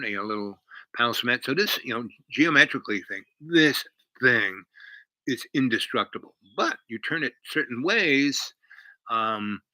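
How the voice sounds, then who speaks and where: A man's voice: medium pitch, no room sound, rough recording. A man telling a long personal story in a rambling, casual way, full of fillers and asides. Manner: rambling, heavy on fillers, animated.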